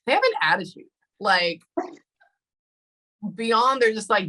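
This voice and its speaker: A woman giving a casual live reading, often pausing and dropping into soft whispers. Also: on the high side, very animated, rough recording. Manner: casual, pauses often with "hold on" and drops to whispers. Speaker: psychic medium.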